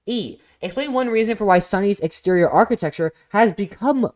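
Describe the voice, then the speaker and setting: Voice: mid-range voice, expressive, fairly quick, few pauses, a little mellow. Teacher going over ap exam answers, reads the question then chats about it, laid-back little side jokes. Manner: reads prompts, then adds casual asides. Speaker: AP Human Geography teacher. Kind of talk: walking through exam answers. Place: lives in Florida.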